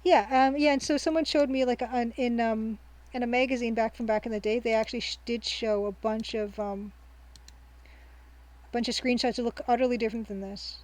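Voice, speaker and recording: A woman's voice: a little high, steady tone, brisk, darkish tone, low-quality recording. A woman streamer giving casual let's-play commentary, chatty and rambling, thinking aloud with frequent ums and easy laughs. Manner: cheerful, laughs easily.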